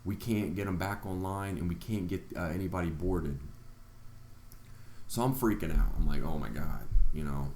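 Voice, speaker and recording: A man's voice: low voice, moderate pace, a little mellow, roomy sound, slight background noise. A man vlogger earnestly telling a personal story, acting out his own reactions along the way. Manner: earnest, retelling events with quoted reactions.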